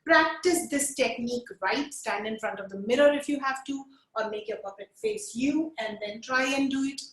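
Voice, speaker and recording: A woman teaching puppet lip sync in a live webinar, energetic and coaxing, counting along with her viewers over a video call. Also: sits high, moderate pace, echoey room.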